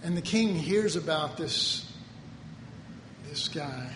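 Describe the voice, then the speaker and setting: A pastor with a fairly high voice for a man, preaching in a folksy, earnest storytelling manner that swells into emphatic preaching. His words ring through a large church hall with a long reverb tail, and faint room ambience sits underneath. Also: lively intonation, slow, background noise. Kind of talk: conversational sermon with personal stories.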